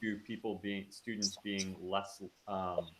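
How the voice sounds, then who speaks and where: Low-voiced man teacher sharing classroom tips. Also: level tone, takes it slowly, no echo. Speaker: teacher co-hosting a webinar.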